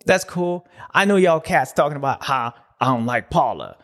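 A man's voice: a little high, lively intonation, normal speed, a bit bright. A man putting on the voice of a cocky, boastful male pro rider, talking in a swaggering drawl.

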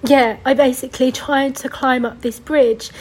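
A woman's voice: sits high, steady tone, normal speed, a little mellow, slightly rough, poor audio. A young woman hosting a podcast, telling a personal story in a tearful, rambling way, sighing and correcting herself as she goes. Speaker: podcast host.

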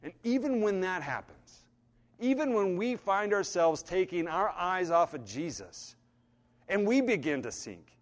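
A man preaching a sermon, telling the story and acting out the voices in it, going from hushed and low to loud and fervent. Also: very animated, unhurried. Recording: long hall reverb.

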